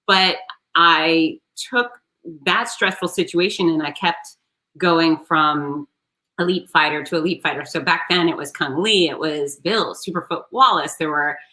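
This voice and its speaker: A woman's voice: sits low, unhurried, poor audio. A middle-aged woman from South Florida hosting a casual podcast, telling stories and acting out quoted voices. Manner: animated storyteller, acts out quoted voices. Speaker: show host.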